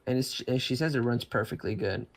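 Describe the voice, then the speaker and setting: A podcast co-host chats casually about laptops, rambling with many restarts and fillers. His medium-pitched voice moves fairly quickly.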